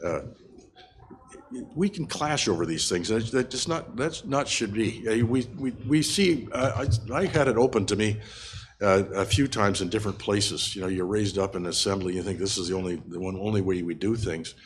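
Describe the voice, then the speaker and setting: A man's voice: on the low side, expressive, slight background noise. An older man teaching a Bible study in an unscripted, earnest way, often stopping to restart his sentences. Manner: halting, frequent restarts and fillers, earnest.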